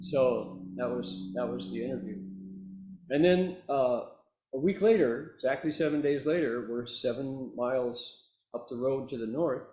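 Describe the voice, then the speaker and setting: A man, a Buddhist monk, telling a story to a meditation class in an animated way, chuckling and acting out the characters. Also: medium pitch, unhurried. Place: meditation hall. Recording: echoey room.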